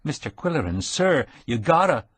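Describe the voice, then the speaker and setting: A man's voice: a little high, sing-song, normal speed, slightly rough, no echo, pitched above the performer's own voice. A man voicing a nervous young male secretary who pleads anxiously. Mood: pleading.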